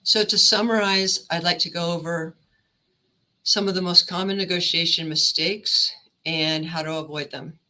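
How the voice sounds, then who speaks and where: Bright-voiced woman coaching on pay. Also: fairly low pitch, moderate pace, low-quality recording. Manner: steady, instructive delivery. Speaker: career counselor. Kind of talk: presentation.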